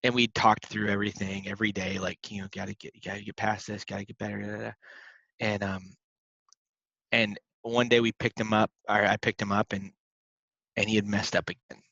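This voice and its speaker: A man's voice: lowish voice, little pitch movement, fairly quick, vocal fry, pushed and bright, no echo. An earnest young man talks through faith on a podcast, circling back and restarting his sentences. The recording is dry and close, with a slightly dull, muffled top end. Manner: earnest, rambling with many restarts. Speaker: podcast co-host. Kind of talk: casual faith talk.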